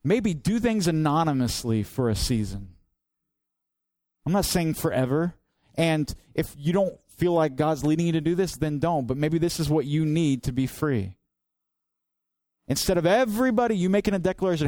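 A man's voice: on the high side, expressive, moderate pace, darkish tone, no room sound. A man preaching a sermon as pastor, earnest and direct, driving points home with rhetorical questions.

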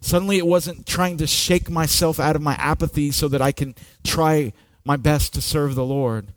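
A man preaching a sermon with slow, dramatic delivery, dropping to near-whispers and rising to loud peaks. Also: a little high, fairly even intonation, dry recording, studio quality. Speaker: pastor.

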